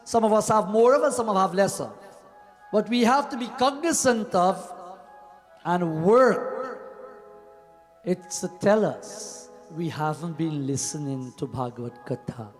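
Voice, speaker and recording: A man giving a devotional sermon as a pandit, preaching and often dropping to a low murmur on repeated refrains. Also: measured pace. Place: temple hall. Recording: long hall reverb with faint music.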